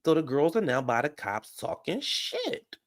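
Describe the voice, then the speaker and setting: Speaking unhurriedly in a fairly high voice, this man runs a reality-show recap channel, and the studio-quality recording has no echo. He's animated and chatty as he casually relates a story, addressing his audience as "y'all" and "baby."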